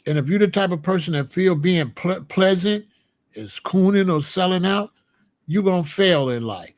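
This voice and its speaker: High-pitched guy going off on a rant to the chat, blunt and preachy, dry mic. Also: animated, normal speed, no echo. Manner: blunt, emphatic and scolding. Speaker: commentator. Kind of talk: opinionated monologue to a live chat.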